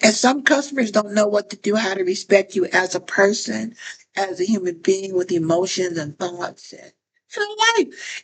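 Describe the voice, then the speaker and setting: A woman's voice: mid-range voice, lively intonation, moderate pace, husky, rough recording. A woman giving casual talk-to-camera advice as a phone chat operator, often repeating phrases and restarting sentences.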